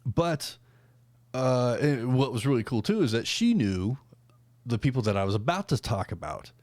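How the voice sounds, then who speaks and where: A man's voice: medium pitch, very animated, moderate pace, a little mellow, dry recording. A man hosting a podcast in casual chat, rambling with lots of fillers and restarts. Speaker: podcast host.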